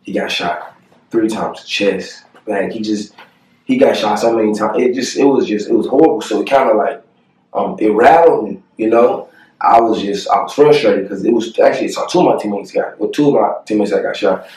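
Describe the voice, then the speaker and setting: A young man with a fairly low voice retells a painful memory, earnest and halting, with many fillers along the way. He sounds a little off-mic, and the room around him is echoey. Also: a little mellow, recorded from a distance. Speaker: family vlogger. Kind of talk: personal storytelling to camera.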